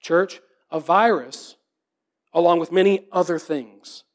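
Slow, earnest high-voiced male preacher. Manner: earnest, rhetorical preaching with repeated questions and drops to a hushed voice. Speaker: pastor. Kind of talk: sermon.

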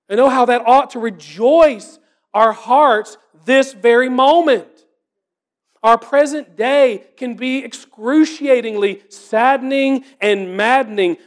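Male pastor, sermon, high voice, slow deliberate delivery, earnest rhetorical questions. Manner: earnest, rhetorical preaching with repeated questions and drops to a hushed voice.

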